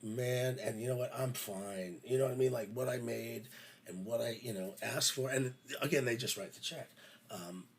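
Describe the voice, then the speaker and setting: A production manager chatting casually, bluntly retelling a work story, swearing freely and playing both sides of each conversation. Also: male voice, medium pitch, moderate pace, slight background noise.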